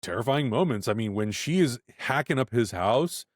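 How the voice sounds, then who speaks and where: Male podcast co-host, animated and emphatic, lively intonation, dry sound. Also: medium pitch, moderate pace, no room sound. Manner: enthusiastic, animated, emphatic reactions. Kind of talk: casual film podcast chat.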